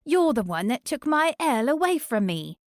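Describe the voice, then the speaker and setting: A woman voicing a shrill, sing-song, obsessive young woman with a Cockney accent in an audiobook. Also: sing-song, moderate pace, no echo, studio quality. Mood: screaming, unhinged.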